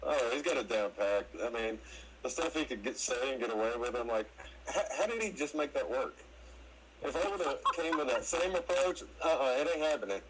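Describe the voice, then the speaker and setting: A man's voice: mid-range voice, lively intonation, fairly quick, fairly bright tone, a little hiss or hum, poor audio. A man in a casual live audio chat, talking in an easygoing, colloquial way.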